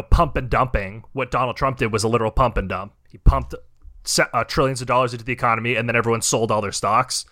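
A young adult man co-hosting a podcast, ranting and swearing in a casual chat and mocking people in quick impressions. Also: mid-range voice, bright, forceful tone, dry recording, studio quality. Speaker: podcast co-host.

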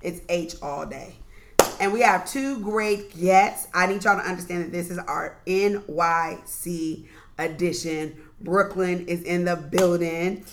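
A woman's voice: lowish voice, measured pace, a little hiss or hum. A woman hosting a podcast in raunchy casual chat, teasing and laughing with slangy talk. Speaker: podcast host.

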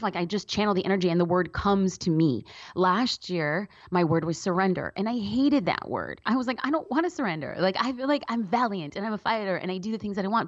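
A woman speaks earnestly and reflectively as an interview guest, her voice sitting on the low side. The sound is dry, with little room around it, and slightly dull and muffled. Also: dry recording. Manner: earnest, reflective, lots of "like" fillers. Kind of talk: candid personal interview talk.

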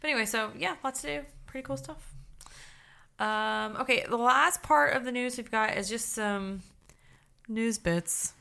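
A woman in her thirties co-hosting a casual podcast, chatty and quick to laugh. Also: fairly high pitch, creaky, sharp tone. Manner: chatty, laughs easily, many fillers. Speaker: podcast co-host.

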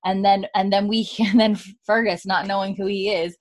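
A woman's voice: medium pitch, steady tone, moderate pace. A woman hosting a casual podcast, telling the plot in a loose, chatty way full of "like" and the odd swear word. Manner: chatty storyteller, retells scenes with lots of "like" and swearing. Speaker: podcast host. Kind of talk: casual recap chat.

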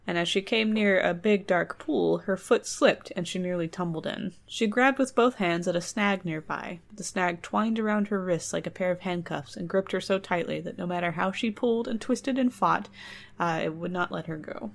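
A woman's voice: fairly low pitch, normal speed, creaky. Chatty woman telling a folk tale. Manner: joking digressions, trailing off. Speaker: storyteller host. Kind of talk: casual storytelling with asides.

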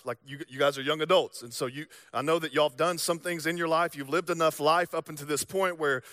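A young man preaching a sermon, telling stories and acting out voices, swinging from loud to hushed. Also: a little high, dry recording, studio quality. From American South. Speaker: pastor.

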